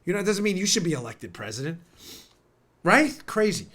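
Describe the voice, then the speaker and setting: A stuffed-up man hosts a talk show in a high, bright voice that swings up and down a lot. He rants and mocks with heavy sarcasm. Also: sing-song, brisk. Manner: sarcastic, ranting, mocking. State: stuffed up from a cold. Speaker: political talk show host. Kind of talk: opinionated talk show monologue.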